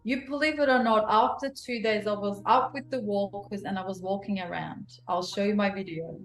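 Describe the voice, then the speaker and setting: A woman in her forties tells her personal story as an interview guest, emotional and animated, with many restarts. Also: medium pitch, moderate pace. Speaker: guest, clinic founder. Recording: roomy echo, faint music.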